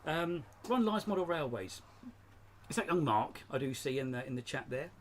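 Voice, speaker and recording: A man's voice: fairly high pitch, lively intonation, moderate pace, slight background noise. A man hosting a casual live stream from his shed, rambling and chatty, often laughing as he talks. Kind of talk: casual chat. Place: home shed.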